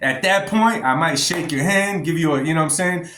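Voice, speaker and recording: A man's voice: on the high side, fairly quick, fairly bright tone. A man giving blunt, emphatic opinions in a commentary vlog, talking straight to his viewers. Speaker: boxing vlogger. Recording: roomy echo.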